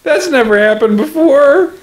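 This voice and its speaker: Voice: high voice, lively intonation, unhurried. A let's play host reading game dialogue and cracking profane, jokey asides.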